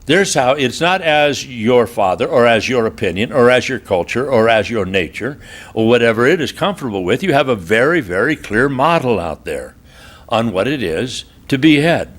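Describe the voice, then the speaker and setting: Speaking at an ordinary speed, this pastor preaches to a marriage retreat gathered in a church hall. His talk is full of humorous anecdotes, and he switches to lively, high-pitched voices for the people he quotes.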